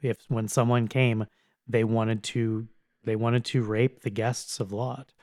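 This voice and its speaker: A man's voice: mid-range voice, flat delivery, slow pace, a little mellow, no room sound, clean studio sound. A man co-hosting a theological podcast, explaining earnestly with some restarts.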